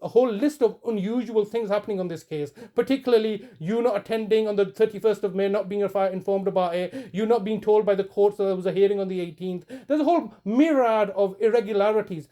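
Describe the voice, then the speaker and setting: Brief: man, mellow tone, insistent and repetitive, halting delivery. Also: high voice. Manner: insistent, repetitive, stumbling restarts. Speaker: campaigner confronting a solicitor on a call. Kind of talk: heated phone argument, then commentary to camera.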